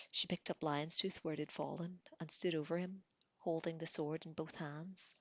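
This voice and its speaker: Low, soft-spoken woman reading aloud. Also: fairly even intonation, moderate pace, no room sound. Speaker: reader.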